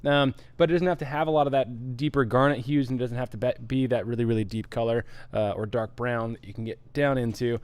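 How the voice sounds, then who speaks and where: A man co-hosting a live brewery stream, explaining beer style guidelines in a relaxed way and reading out viewer comments. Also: mid-range voice, fast talker, few pauses, clear, resonant tone, dry recording. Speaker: brewery livestream co-host. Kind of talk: casual live-stream chat.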